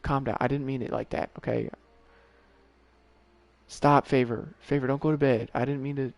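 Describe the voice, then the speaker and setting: A man streaming a video game, talking casually to himself and to the characters on screen, swearing often and getting worked up quickly. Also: mid-range voice, fairly even intonation, vocal fry, dull audio. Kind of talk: casual gameplay commentary.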